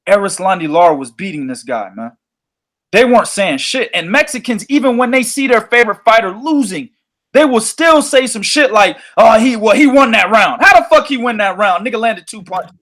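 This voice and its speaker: A man hosting a boxing podcast, telling stories in an animated, profane way. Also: sits high. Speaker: podcast host. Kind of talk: casual boxing podcast chat.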